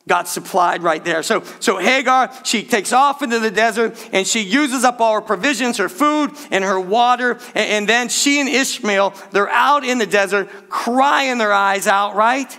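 Middle-aged preacher, man, bright and high-pitched, lively narrative sermon style. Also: normal speed. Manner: animated storytelling, addresses congregation as "church". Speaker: pastor.

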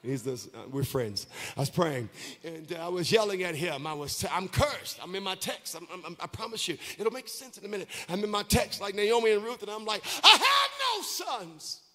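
Brief: male pastor, impassioned sung-and-shouted sermon, high bright voice, slow delivery in a reverberant church. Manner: impassioned, half-sung preaching that swings from shouts to low asides.

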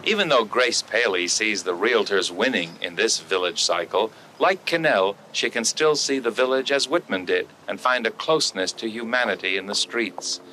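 A man narrating a documentary in a calm, even, scripted delivery. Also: on the low side, moderate pace, few pauses, slight background noise, low-quality recording.

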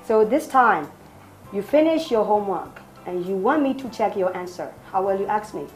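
A woman's voice: medium pitch, expressive, normal speed, echoey room, over loud music, low-quality recording. A woman teaching English in a classroom, prompting students with phrases and praising their answers.

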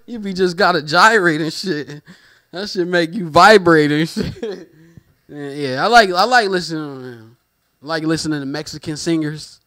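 High-ish bright voiced guy doing standup, loose slangy rambling, keeps repeating himself. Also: normal speed. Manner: casual slangy rambling, repeats lines, trails off quietly. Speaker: stand-up comedian. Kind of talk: stand-up comedy set.

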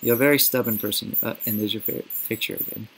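A man's voice: lowish voice, fairly even intonation, very fast, fairly bright tone, slightly rough, low-quality recording. A man watching a friend play a game, teasing him and laughing often in casual chat.

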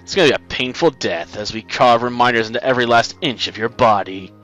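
A harsh, growling prison warden, as voiced by a man reading a game aloud. He sneers at prisoners with open contempt and menace. The voice has a bright, edgy sheen, with faint game music in the background. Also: mid-range voice, fast talker, lightly acted, rough recording. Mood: menacing. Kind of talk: voicing game dialogue.

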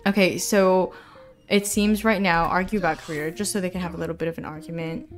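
A woman's voice: fairly low pitch, fairly even intonation, a little fast. A young woman narrating her life-sim game story in casual commentary, chatty and giggly, talking to viewers as "guys". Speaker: let's play creator. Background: faint background music.

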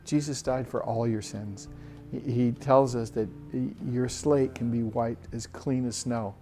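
A man in his thirties telling a personal faith story in an earnest, halting way with frequent restarts. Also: mid-range voice. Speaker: church member sharing a testimony. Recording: soft guitar music behind. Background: soft guitar music.

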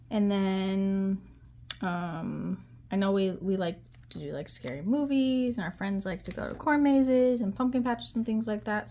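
A woman chats casually with her viewers as she counts out cash, mid-pitched and easygoing. She fills pauses with ums and reels off numbers aloud. A faint hiss sits under the voice. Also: darkish tone. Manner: chatty, counts money aloud, frequent ums. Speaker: budgeting vlogger.

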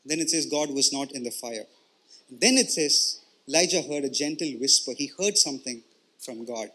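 Bright-voiced man preaching a sermon. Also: medium pitch, moderate pace. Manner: earnest, explanatory, with frequent "you know" and "right?" check-ins and repeated words. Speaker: pastor. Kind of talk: conversational sermon.

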